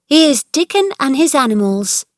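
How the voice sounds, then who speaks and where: A woman voicing a polite, excited young housemaid in a storybook reading. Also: high voice, unhurried, no echo, studio quality, voice pushed up.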